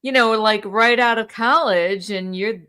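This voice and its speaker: A woman co-hosting a casual chat show talks candidly and swears freely, and she laughs often. Her voice sits at a middle pitch. She is heard over a video call. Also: a little slow, sharp tone, clear, resonant tone. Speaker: podcast co-host.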